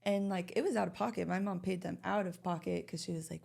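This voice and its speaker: A woman's voice: on the low side, fairly even intonation, fast, gravelly, a little mellow. A young woman guest on a podcast, speaking candidly about her past, full of fillers and restarts. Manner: candid, many fillers and restarts, emotional personal story. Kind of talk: casual podcast conversation.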